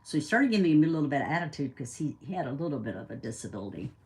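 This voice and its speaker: A woman's voice: deep voice, big pitch swings, very fast. An older woman telling a personal story in a casual, rambling way. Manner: chatty, rambling, acts out dialogue.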